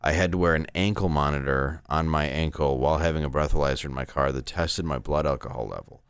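A man's voice: a bass voice, quick pace, smooth, dry recording, studio quality. A man in his thirties, a stand-up comedian, telling candid, rambling stories in a casual interview.

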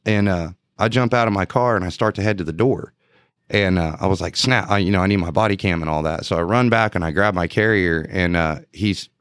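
A lower-voiced man with a drawl spins a story in easy podcast chat, jumping up into the quoted lines and laughing as he goes. The recording is close and dry. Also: no room sound. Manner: animated storyteller, acts out quotes in a raised voice, laughs often. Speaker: podcast co-host, police officer.

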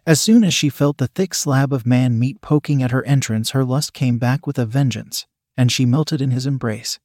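A man reading a story aloud in a steady, scripted narration style. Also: mid-range voice, no room sound, studio quality.

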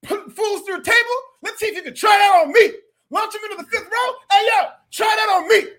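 A man putting on a high, loud voice to play a hyped-up male wrestler shouting a challenge. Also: brisk. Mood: fired up.

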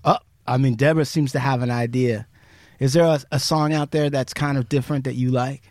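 A man's voice: medium pitch, fairly even intonation, brisk, darkish tone, no room sound. A man hosting a podcast, asking a guest eager, upbeat questions in a studio. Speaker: podcast host. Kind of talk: casual interview questions.

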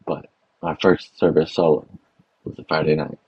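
Young chef from Texas, low gravel-free husky voice, animated storyteller, dry muffled sound. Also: male voice, moderate pace, dry recording. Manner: animated anecdotes with acted quotes, many fillers. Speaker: chef guest. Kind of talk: casual storytelling.

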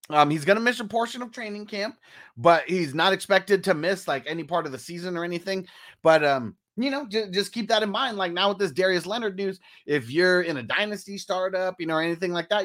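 A man's voice: high voice, fairly bright tone. A man hosting a casual sports talk show, loose and profane, laughing often between points. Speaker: podcast host.

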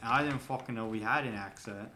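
A Californian man chatting at home in a loose, joking way, dropping swear words and playfully repeating words. His pitch sits in the middle of the usual range. The recording carries clear background noise and clicks. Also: quick pace. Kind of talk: casual chat.

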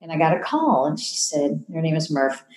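A woman in her fifties, a television personality telling an emotional story in a podcast interview, animated and acting out the voices she quotes. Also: deep voice, normal speed, echoey room, rough recording. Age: 50s.

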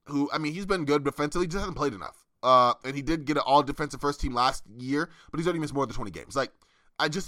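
A man's voice: on the high side, sharp tone, no room sound, clean studio sound. A young man hosting a casual sports podcast, talking loosely with many fillers and restarts. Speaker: podcast host.

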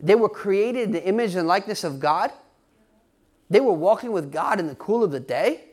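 A man's voice: high-pitched, animated, normal speed, darkish tone. A male pastor preaching a sermon, speaking emphatically to his congregation, often asking them questions and laughing now and then. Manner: talks straight to the congregation, asks questions.

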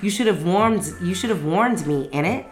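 A woman's voice: fairly low pitch, expressive, moderate pace, soft background music, natural voice. A woman reading aloud as a fiery, outspoken young woman friend, blunt and full of slang. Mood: chatty.

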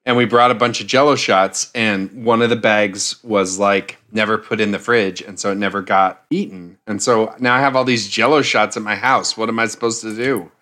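A man in his forties co-hosting a casual podcast, easygoing and quick to laugh. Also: lowish voice, steady tone, sharp tone. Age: 40s. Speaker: podcast co-host. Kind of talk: casual chat.

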